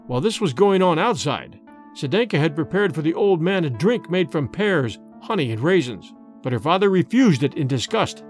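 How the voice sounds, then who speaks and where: A man narrating a dark storybook tale in a measured, dramatic manner. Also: a little high, very animated. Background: faint music.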